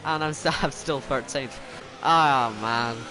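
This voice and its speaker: A man's voice: medium pitch, slow. A man commentating live on his own online racing game, self-mocking and exasperated as things go wrong around him. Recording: game engine noise behind. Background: racing car engine noise.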